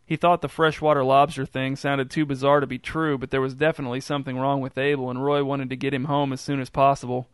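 A man reading a short story aloud in an even, unhurried storytelling delivery. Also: medium pitch, clean tone, no room sound, clean studio sound. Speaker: narrator. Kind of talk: scripted story narration.

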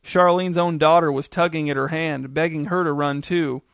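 A man reading a story aloud as narrator, in a steady, descriptive storytelling manner. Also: on the high side, moderate pace, vocal fry, smooth, no room sound, studio quality.

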